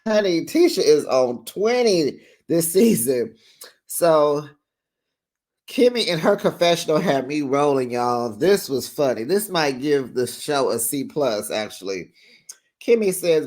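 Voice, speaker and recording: A chatty recap host sits down with viewers to talk over a reality TV episode. The voice sits at a middling pitch but swings up playfully when reacting, and every opinion comes out frank and friendly. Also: sing-song, a little slow, darkish tone. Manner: talks straight to viewers as "besties".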